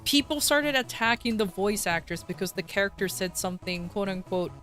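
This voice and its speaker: A woman's voice: medium pitch, fairly bright tone. A woman streamer in a casual livestream chat, ranting bluntly with swearing and frequent restarts.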